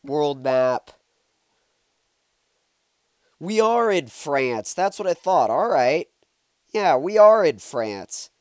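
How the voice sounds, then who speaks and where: A man's voice: on the high side, sing-song, drawn-out words, pauses often, darkish tone, no room sound. Male gaming commentator, stuffed-up nose, rambling and reactive, dead-dry close mic. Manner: rambling, exclaims at the road. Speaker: gaming YouTuber. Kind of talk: casual gameplay commentary.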